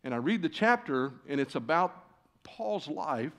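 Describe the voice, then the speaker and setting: Animated man preaching a storytelling sermon. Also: fairly high pitch, a little slow, creaky. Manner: animated, acts out quoted conversations. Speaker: guest preacher. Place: church sanctuary.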